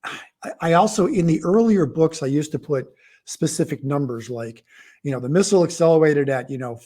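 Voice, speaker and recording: Middle-aged guy rambling thru a story on a livestream, kinda high voice, keeps restarting. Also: moderate pace, mellow. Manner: rambling, self-interrupting storyteller. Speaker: author guest. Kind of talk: casual livestream chat.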